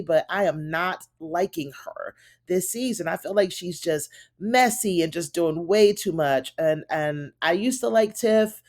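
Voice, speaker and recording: A woman's voice: lowish voice, darkish tone. A woman giving a casual, chatty recap of a TV episode, retelling the scenes in her own words with plenty of fillers. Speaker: TV show reviewer.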